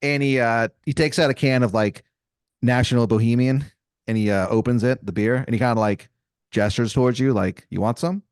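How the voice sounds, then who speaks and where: A man's voice: medium pitch, steady tone, a little fast, clean tone, no room sound, studio quality. A man improvising a comedy story on a podcast, casual and profane, rambling with fillers. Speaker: podcast co-host.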